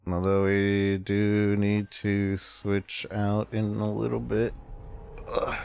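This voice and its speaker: Slow gravelly streamer guy. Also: on the low side, monotone, a little mellow. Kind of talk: casual gameplay commentary. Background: game music.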